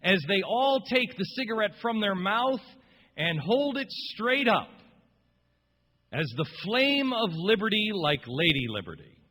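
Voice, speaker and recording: A man's voice: high-pitched, sing-song, a little slow, bright, forceful tone. A man hosting a talk radio show, telling a story in an impassioned, rambling, emphatic way. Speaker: radio host. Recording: long reverb.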